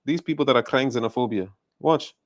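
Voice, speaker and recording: A man's voice: mid-range voice, brisk. A South African man with a South African accent giving an indignant video commentary, firing off rhetorical questions.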